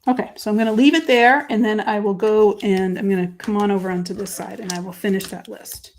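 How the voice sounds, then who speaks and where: Woman chatting thru her journaling craft live, answers viewers, goes quiet and mumbly when she's writing. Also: medium pitch, fairly even intonation, fairly quick. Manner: chatty, talks through each step as she works; drops to quiet murmurs while writing. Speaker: crafting show host.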